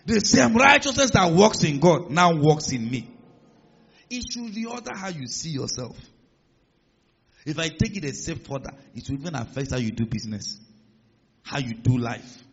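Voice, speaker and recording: Husky-voiced preacher in a reverberant hall. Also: male voice, fairly high pitch, animated, moderate pace, pauses often. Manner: emphatic preaching, rising to loud declarations. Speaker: pastor. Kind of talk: sermon. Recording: muffled sound with long hall reverb.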